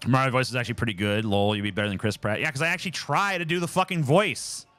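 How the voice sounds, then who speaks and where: A man's voice: mid-range voice, quick pace, no echo, soft background music. A man streaming live from home, chatting casually and ranting with lots of swearing. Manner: animated, profane, ranting.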